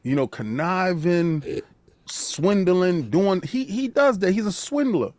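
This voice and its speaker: Speaking slowly in a high-pitched voice, this podcast host goes on an emphatic, animated rant during a casual chat. He keeps restarting, doubling up words at the start of sentences, and the recording is dry.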